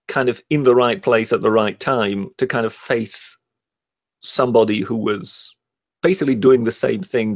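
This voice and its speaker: A man co-hosting a casual livestream, giving his opinions in a measured but firm way. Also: medium pitch.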